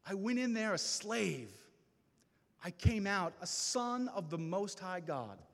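A man preaching a personal testimony in a high, lively voice that swoops between hushed and ringing. He takes his time, leaning on long dramatic pauses, and his words carry a long echo through a large hall. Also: gravelly. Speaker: speaker at a men's gathering. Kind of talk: testimony sermon. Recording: reverberant hall.

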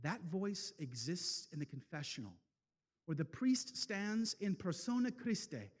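A man preaching an impassioned sermon, swinging from loud declarations to hushed, slow passages. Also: high voice, very animated, big-room sound. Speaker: speaker at a men's event.

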